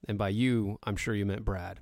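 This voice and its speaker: A man's voice: fairly low pitch, fairly even intonation, normal speed, a little mellow, dry recording, clean studio sound. A man hosting a livestream, casually chatting with viewers and humming to himself while setting up. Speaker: livestream show host. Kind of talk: casual pre-show chat to viewers.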